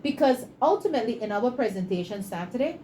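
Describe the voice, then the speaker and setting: A woman, a guest in an interview, telling stories and making her pitch with preachy passion. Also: very animated, fast talker, warm tone, a little hiss or hum, rough recording. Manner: passionate, preachy, acts out dialogue. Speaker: entrepreneur guest.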